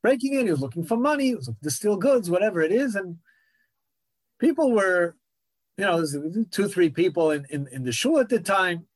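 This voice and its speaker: Earnest high-voiced man teaching Torah. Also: big pitch swings, brisk, no echo. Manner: earnest, repeats phrases for emphasis. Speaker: rabbi teaching a class. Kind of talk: Torah lecture.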